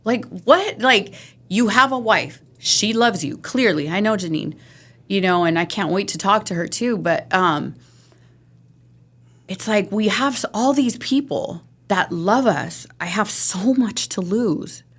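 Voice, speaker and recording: Here a middle-aged podcast guest discusses her recovery with candor and earnestness, restarting sentences and letting out nervous laughs at the tough parts. Her medium-pitched voice is animated and fairly bright with a breathy edge, delivered at a measured pace.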